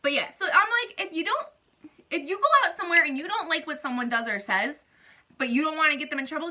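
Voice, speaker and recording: Bright, high-voiced chatty young woman. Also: quick pace. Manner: chatty, animated, fillers of "like". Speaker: beauty vlogger. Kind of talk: casual venting vlog.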